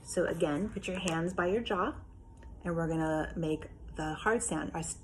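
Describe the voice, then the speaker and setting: A woman teacher, probably in her thirties, giving a remote lesson to young children, patiently and clearly sounding out letter sounds. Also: fairly low pitch, moderate pace, a little hiss or hum. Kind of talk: remote phonics and writing lesson.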